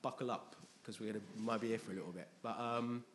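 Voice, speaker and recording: A man's voice: fairly low pitch, steady tone, fast talker, crowd noise. A man preaching a conversational sermon in a church, reading scripture aloud and often checking in with his congregation.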